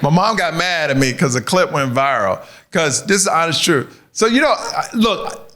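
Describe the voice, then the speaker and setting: A man doing a stand-up set on stage, an animated storyteller who laughs as he talks. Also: a little high, normal speed. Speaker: stand-up comedian. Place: comedy club stage before a live audience. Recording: live set with audible crowd noise.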